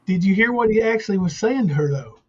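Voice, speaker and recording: A man co-hosts a stream and presses his argument earnestly, pointing listeners to each clip. His voice is notably high, and the audio is dull and lo-fi. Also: lively intonation, fast talker, husky. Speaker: co-host. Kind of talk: casual commentary on played clips.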